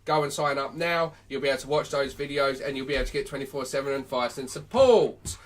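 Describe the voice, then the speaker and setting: A man's voice: medium pitch, little pitch movement, quick pace, fairly bright tone. A man, a dog trainer giving blunt, sweary advice on a live stream.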